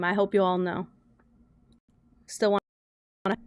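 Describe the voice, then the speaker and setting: A woman's voice: fairly high pitch, moderate pace, a bit bright. A woman game streamer chatting casually with viewers, exasperated, swearing and laughing at her own troubles. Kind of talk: casual live-stream chat.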